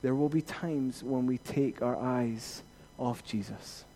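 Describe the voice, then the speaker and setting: A man preaching a sermon as pastor, rising to emphatic peaks and then dropping to quiet reassurance. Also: mid-range voice, takes it slowly, slight background noise.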